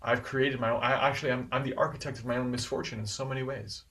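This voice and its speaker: A man giving a devotional scripture class in an earnest, animated way, repeating phrases for emphasis. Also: medium pitch, quick pace, far from the mic.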